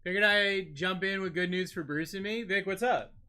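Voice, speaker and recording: A young man with a New England accent hosts a live card-break stream, calling out player names and chatting energetically with viewers as he opens cards. His voice is high for a man, strikingly bright and sharp yet clear and resonant, at a moderate pace.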